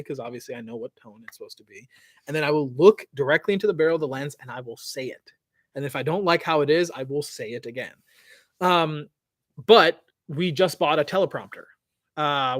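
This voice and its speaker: A man's voice: on the high side, no echo. Slangy male livestream host, dry sound. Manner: slangy, animated, trails off. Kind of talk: casual livestream Q&A. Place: outdoors by parked cars.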